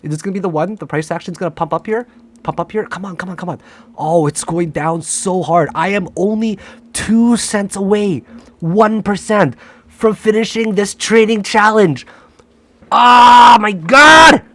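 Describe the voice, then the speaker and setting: A high-pitched man at a moderate pace gives live commentary on his own trades, excitable, profane, cocky, and joking. He often shouts and pleads at the price chart.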